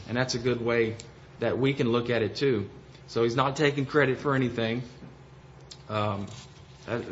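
Male Bible study teacher, hesitant explainer, dull lo-fi recording, faint hiss. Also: mid-range voice. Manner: explanatory, hesitant with frequent ums and restarts.

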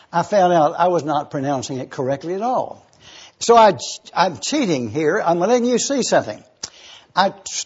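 A man preaching a sermon, slow and emphatic, stopping to spell out words for his listeners. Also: high voice, slightly rough. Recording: dull lo-fi recording.

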